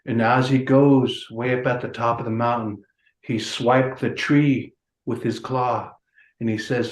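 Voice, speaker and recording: A man telling a traditional animal story as guest speaker, in a measured, repeating storyteller cadence. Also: medium pitch, fairly even intonation. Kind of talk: oral storytelling. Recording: roomy echo.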